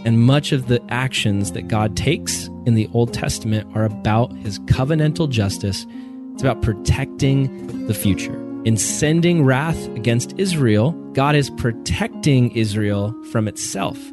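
Guy cohosting a faith podcast, animated, does little voices, laughs a lot. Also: mid-range voice, unhurried, music in the background. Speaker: podcast co-host. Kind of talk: casual theological discussion.

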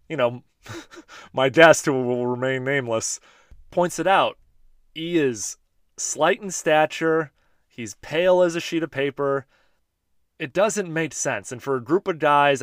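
A man's voice: fairly high pitch, expressive, normal speed, fairly bright tone, no room sound. Laid-back male podcast host, dry close sound. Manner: laid-back, chatty, joking. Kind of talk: casual podcast talk reading listener voice memos.

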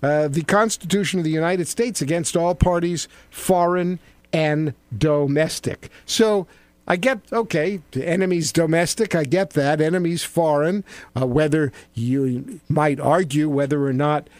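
A middle-aged former congressman co-hosts a satirical political chat, rambling and mocking with frequent stammered restarts. His voice is fairly high-pitched and measured in pace. There is no room sound.

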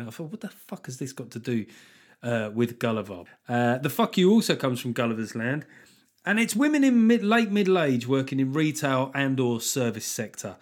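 A man's voice: mid-range voice, very animated, normal speed. A man hosting a podcast, ranting casually with a lot of swearing and mockery. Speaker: podcast host. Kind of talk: casual solo podcast monologue.

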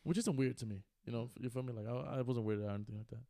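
Young male podcast co-host, twenties, low and gravelly, dark tone, easygoing slangy storyteller. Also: racing, no echo, studio quality. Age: 20s. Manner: laid-back storytelling with slang and fillers. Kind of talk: casual chat.

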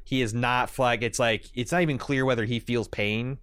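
A man's voice: medium pitch, steady tone, moderate pace, a bit bright, clean tone, no echo. A man co-hosting a podcast, rambling and restarting his sentences in casual chat. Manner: rambling, hesitant, many fillers and restarts. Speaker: podcast co-host.

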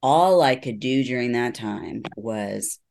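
A woman's voice: a bass voice, expressive, slow, creaky, darkish tone. A middle-aged woman, a neuropsychologist, giving earnest personal testimony in an interview. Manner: earnest storytelling, acts out quoted voices. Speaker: neuropsychologist guest.

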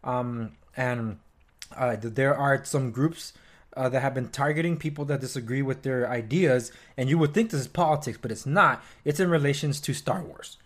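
A young man hosts his own news podcast in a loose, opinionated rant. His pitch jumps high when he gets worked up, and he throws in sarcastic asides. The delivery is casual and unscripted, with frequent fillers. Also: moderate pace. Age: young adult. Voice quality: chewing while talking at times. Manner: animated, ranting, sarcastic asides with mock quotes. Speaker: podcast host.

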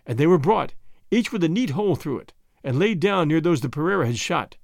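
A man narrating a novel in the first person, reading in an expressive, dramatic way. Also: fairly high pitch, brisk, gravelly, dry recording, clean studio sound. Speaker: audiobook narrator.

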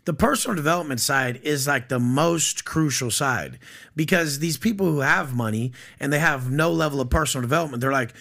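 A man with a gravelly, somewhat high voice talks bluntly and aggressively. He swears constantly and acts out both sides of quarrels as he goes. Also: brisk, fairly bright tone. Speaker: guest. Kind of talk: blunt, profane casual talk.

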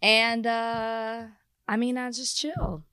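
A woman co-hosting a podcast in casual chat, teasing and quick to call her co-host out. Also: fairly high pitch, level tone, pushed and bright, clean tone, no echo, studio quality.

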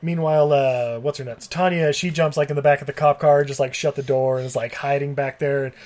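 Brief: podcast co-host with a mid-pitched voice, a loose profane movie recap full of laughs. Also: fairly even intonation, brisk, a little mellow. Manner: profane, rambling, laughs often, mimics characters. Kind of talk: casual movie recap chat.

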